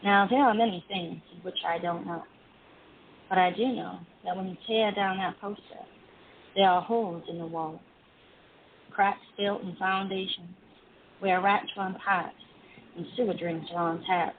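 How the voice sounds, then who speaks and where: A woman voicing an aging male prison guard, reciting a poem slowly and solemnly in his voice. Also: fairly low pitch, fairly even intonation. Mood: somber. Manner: slow measured poetry recitation. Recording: tinny phone line, faint hiss.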